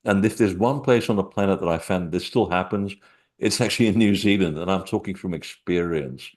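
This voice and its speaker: Low-voiced man telling rambling anecdotes. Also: brisk, a little mellow. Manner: rambling, anecdotal, many fillers. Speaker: author and guest. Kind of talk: casual interview talk.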